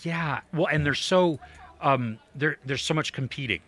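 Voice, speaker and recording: A man's voice: a little high, a little slow, fairly bright tone. A middle-aged man co-hosting a podcast, talking casually and rambling with fillers and restarts. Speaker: podcast co-host. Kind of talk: casual chat.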